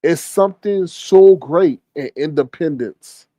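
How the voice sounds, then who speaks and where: A man's voice: on the high side, a little slow, dark tone, no room sound. A man hosting a livestream, chatting casually and gossiping in a sassy way while reading the chat. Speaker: livestream host.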